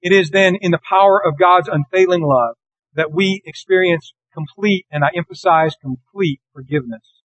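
Guy preaching a sermon, kinda high voice, reads verses slow and earnest, dry close sound. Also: a bit bright, no echo, low-quality recording. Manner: earnest, deliberate, slows for scripture. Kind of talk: sermon with scripture reading.

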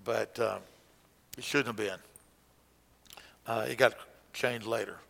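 A man's voice: lowish voice, steady tone, slow pace, gravelly, fairly bright tone. A man teaching song leaders how to beat time, counting aloud and breaking into hymn lines to show the beats. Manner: explains conducting, breaks into hymn singing. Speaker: song leading instructor. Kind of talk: music lesson with singing. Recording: long hall reverb.

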